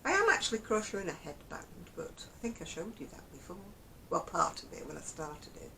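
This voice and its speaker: A woman's voice: on the low side, sing-song, fairly quick, vocal fry, bright, forceful tone, a little hiss or hum, poor audio. A woman from Oldham with a Northern English Lancashire accent, chatting casually to camera in a rambling way and often chuckling. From Oldham, England. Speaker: crochet vlogger.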